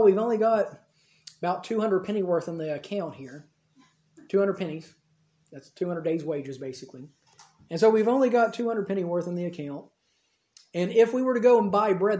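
A man preaching a storytelling sermon with a soft, mellow tone. He talks conversationally and retells the scene in everyday speech. His voice carries a roomy echo from the hall. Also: sits high. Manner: conversational, acts out dialogue in the retelling.

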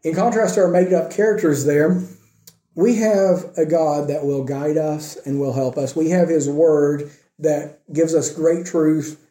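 A man preaching a sermon with earnest emphasis, swinging between raised emphatic points and quiet, soft asides. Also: fairly high pitch, steady tone, a little slow, roomy sound. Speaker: pastor.

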